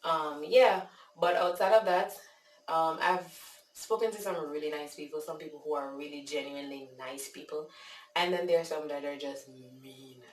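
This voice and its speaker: A Jamaican woman vlogger telling a casual, animated story, with frequent fillers. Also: deep voice, moderate pace, a little hiss or hum. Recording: echoey room, distant mic.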